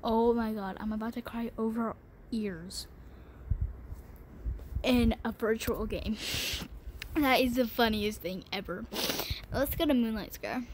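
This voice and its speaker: Slightly high and somewhat dark in tone, this woman speaks a little slowly and pauses often, over a faint hiss or hum. She is a gaming channel host chatting casually through a game tutorial, raving about items and grumbling theatrically.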